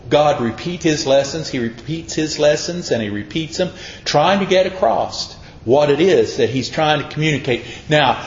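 A man preaching a sermon, telling Bible stories in a folksy, storytelling way. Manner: folksy storytelling, acts out voices. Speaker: pastor. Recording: echoey lo-fi room with faint rumble.

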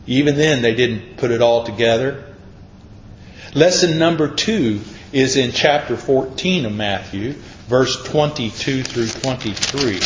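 A man's voice: medium pitch, a little slow, slight background noise. A man preaching a sermon, dramatic and acting out voices from the Bible. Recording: echoey room, dull sound.

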